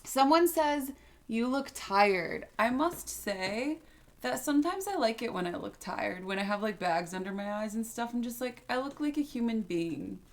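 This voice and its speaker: A woman chatting casually on a livestream, reading out fan comments in between. Her talk is loose and chatty, full of little fillers and pauses. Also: on the high side. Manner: chatty, many fillers, reads comments aloud. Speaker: band member hosting a fan Q&A stream.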